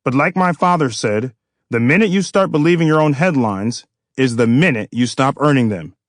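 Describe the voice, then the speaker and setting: A man doing a gruff, modest old scientist. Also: medium pitch, expressive, moderate pace, dry recording, clean studio sound, natural voice. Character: modest older male scientist, dry and gruff.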